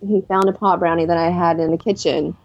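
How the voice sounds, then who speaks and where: A woman's voice: on the low side, fairly even intonation, fairly quick. A woman in her thirties, a guest in an interview, candidly telling her own story of recovery. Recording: dull lo-fi recording.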